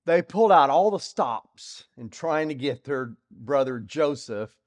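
A man teaching through a Bible passage in a sermon, asking rhetorical questions and swinging between loud and soft. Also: medium pitch, lively intonation, a little slow. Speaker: preacher.

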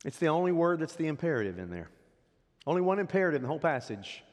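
A pastor preaching to his congregation in a long-reverb sanctuary, his fairly high voice leaping from soaring, emphatic peaks down to hushed asides. The delivery is lively and dramatic, built to hold a room. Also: quick pace. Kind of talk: sermon.

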